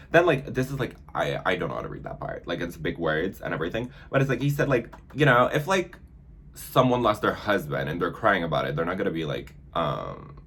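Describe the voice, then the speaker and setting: A man talks through a makeup tutorial in a low voice that rises and falls a lot. He rambles casually, leans on "like", and trips over words when reading. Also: sing-song, quick pace, gravelly, a bit bright, husky. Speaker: makeup vlogger.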